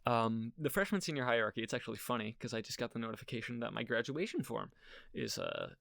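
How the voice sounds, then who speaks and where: Young guy doing his own podcast, gravelly and kinda rambly, dry close mic. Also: medium pitch, sing-song, fast talker, fairly bright tone, no room sound. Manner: earnest, rambling, laughs at himself. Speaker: podcast host. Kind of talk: casual solo podcast talk.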